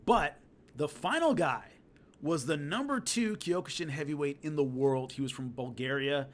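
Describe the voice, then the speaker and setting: A middle-aged man telling a casual story, animated and acting out hits with loud sound effects. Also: a little high, normal speed. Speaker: combat sports commentator telling stories.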